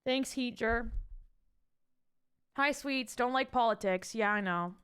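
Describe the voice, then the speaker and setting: A young woman streaming live, chatting and ranting to her viewers in an animated way, swearing casually. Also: fairly high pitch, slow, pauses often, clean tone. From Canada. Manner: animated, ranty, swears casually, talks to chat.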